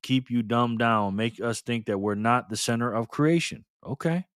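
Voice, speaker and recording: A man's voice: mid-range voice, moderate pace, clean tone, no echo, studio quality. A man hosting a casual live stream, reading out the chat, greeting viewers by name and laughing often.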